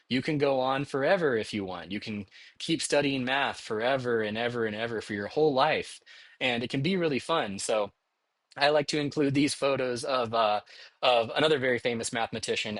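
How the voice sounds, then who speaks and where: A middle-aged male math instructor talks through his course slides in a relaxed, encouraging manner, pausing now and then to ask "okay?". His voice sits at an ordinary pitch, and the recording is close and dry, with no room sound. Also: dry recording. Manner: encouraging, conversational, frequent "okay?" check-ins. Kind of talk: recorded lecture narration over slides.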